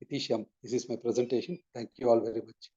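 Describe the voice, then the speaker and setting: Mellow-voiced man giving a lesson. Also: mid-range voice, level tone, slightly rough, muffled recording. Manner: measured explaining with many fillers. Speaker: presenter. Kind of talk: online study presentation.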